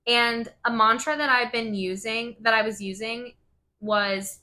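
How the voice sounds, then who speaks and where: A woman's voice: fairly high pitch, fairly even intonation, a little slow, bright, forceful tone. A woman hosting a wellness podcast, telling a personal story in a casual, open way, swearing and saying "like" a lot. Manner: casual, swears, lots of "like" fillers. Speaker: podcast host.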